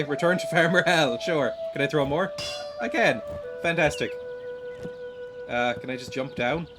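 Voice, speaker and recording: A young man giving rambling, self-deprecating gameplay commentary, stumbling and repeating words as he plays at home. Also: on the high side. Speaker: streamer. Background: game music.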